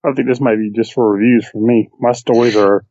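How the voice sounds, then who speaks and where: A man's voice: mid-range voice, fairly even intonation, warm tone, dull audio. A man co-hosting a podcast in casual chat, joking and riffing. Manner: jokey, quick to riff. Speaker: podcast co-host.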